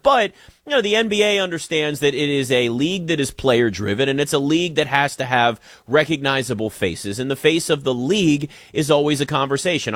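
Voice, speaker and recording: A man's voice: on the high side, a bit bright, dry recording, studio quality. A man hosting a sports talk show, chatty, opinionated and emphatic.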